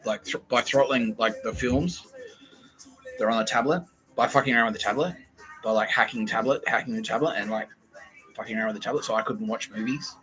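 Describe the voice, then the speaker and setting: A man's voice: mid-range voice, brisk, a bit bright, faint music behind, rough recording. A man hosting a podcast, talking in a profane, rambling way and often restarting his sentences. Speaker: podcast host. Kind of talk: casual rambling monologue.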